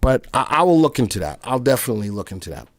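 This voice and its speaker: A man's voice: medium pitch, sing-song, rapid-fire, dry recording. A man hosting a live stream, chatting with viewers in a playful way and often stammering and repeating himself. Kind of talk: casual live market chat.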